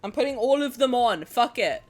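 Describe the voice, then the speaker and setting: A woman streaming a game, talking casually with her chat, swinging from loud squeals to quiet mutters. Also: fairly high pitch, lively intonation, moderate pace, soft background music.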